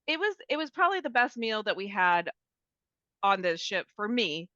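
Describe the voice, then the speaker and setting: A woman's voice: mid-range voice, moderate pace, dry recording. Chatty woman on a dull, dry recording. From Maine, USA. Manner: chatty, animated storyteller. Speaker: podcast co-host. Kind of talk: casual travel chat.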